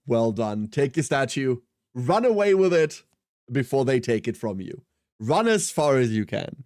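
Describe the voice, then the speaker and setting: A man's voice: medium pitch, big pitch swings, unhurried, a little mellow, no room sound, studio quality. A man in his thirties streaming a game, chatting casually and rambling with self-mocking humour as he answers chat. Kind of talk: casual live-stream chat while gaming.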